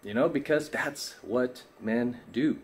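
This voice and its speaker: A man's voice: mid-range voice, slow, slight background noise. A tired man giving an assertive, preachy coaching monologue to camera, often asking "right?". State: tired from lack of sleep. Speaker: self-help coach.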